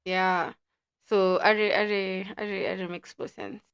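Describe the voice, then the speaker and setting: A woman's voice: medium pitch, level tone, a little slow, creaky, a bit bright, clear, resonant tone. A woman with a Kenyan accent hosting a podcast, chatting casually in a playful, chatty way. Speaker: podcast host.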